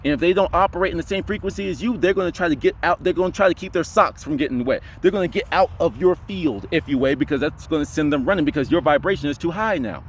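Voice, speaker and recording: Fast, rambling young man telling a story. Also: a little high, slight background noise. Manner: rambling, heavy on fillers like "you know". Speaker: spiritual vlogger. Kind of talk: casual storytelling vlog.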